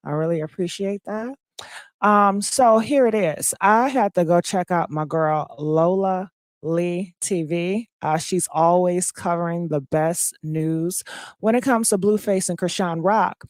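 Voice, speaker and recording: A woman hosting a casual live-stream gossip commentary, just woken up and low on energy, chatting directly to her viewers with plenty of fillers. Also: measured pace, no echo, clean studio sound.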